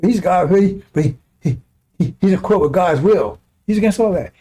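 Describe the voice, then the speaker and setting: A man's voice: sits high, sing-song, normal speed, mellow, husky. A man preaching in a colloquial, impassioned way, reading scripture and adding mocking asides. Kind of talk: sermon commentary on scripture.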